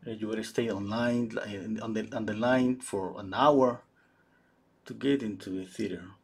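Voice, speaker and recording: Male painter, husky voice, halting live-stream chatter with many restarts. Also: lowish voice, fairly even intonation, a little mellow. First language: Spanish. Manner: halting, searches for English words, many restarts. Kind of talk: casual chat while painting live.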